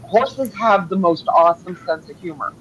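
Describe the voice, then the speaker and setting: A woman's voice: fairly low pitch, normal speed, husky, highs cut off. A woman guest talking earnestly in a casual chat.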